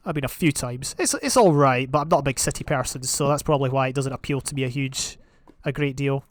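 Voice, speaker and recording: A young man giving casual, rambling commentary on his own gameplay, with sudden excited outbursts. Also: mid-range voice, a little fast, slight background noise. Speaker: gaming channel host.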